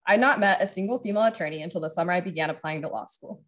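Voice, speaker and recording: A woman's voice: on the low side, racing, slight background noise. A law student in her twenties giving an earnest, grateful prepared speech at a ceremony. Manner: earnest, grateful, briefly choked up.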